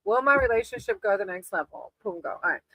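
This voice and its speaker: A woman's voice: medium pitch, big pitch swings, fast, vocal fry, fairly bright tone, slightly rough, dry recording, low-quality recording. A woman doing casual live tarot readings for viewers, affectionate and often laughing, calling people sweetie. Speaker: tarot reader on a livestream.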